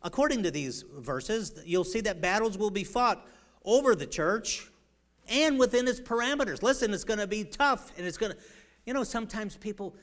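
Man preaching, a bit high-pitched, rambling with fillers and restarts, loud bursts then quiet storytelling. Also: expressive, normal speed. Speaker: pastor. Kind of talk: sermon.

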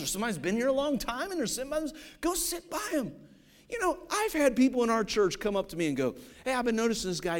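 A man preaching a sermon, animated and storytelling, acting out the people in his stories. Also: sits high. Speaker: pastor.

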